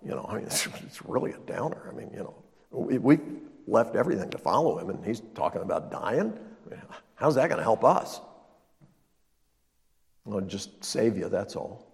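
A male pastor voicing grumbling, confused disciples in a low mutter. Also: very animated, normal speed, creaky, pauses often, in a large hall.

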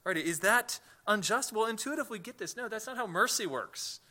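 Preaching a sermon as pastor, this man speaks fairly quickly in a high-sitting, bright, forceful voice with lively intonation. He keeps it conversational, repeating words as sentences begin and throwing rhetorical questions at his listeners.

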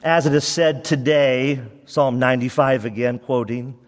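A man's voice: mid-range voice, moderate pace, hardly any pauses. A man preaching a sermon as pastor, urgent and pleading, repeating his points with emphasis. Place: church sanctuary. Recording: long reverb of a church hall.

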